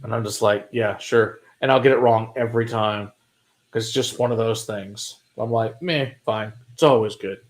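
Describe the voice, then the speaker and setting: A man from Texas with a Texan accent, co-hosting a whiskey show in relaxed, joking chat and swearing freely. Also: lowish voice, normal speed. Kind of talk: casual chat.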